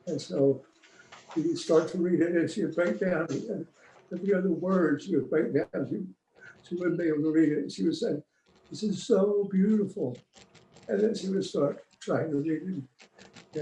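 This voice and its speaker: A man telling a personal story at a memorial over a video call, reflective and halting, with pauses and fillers. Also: on the high side, dark tone, reverberant, poor audio. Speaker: memorial speaker.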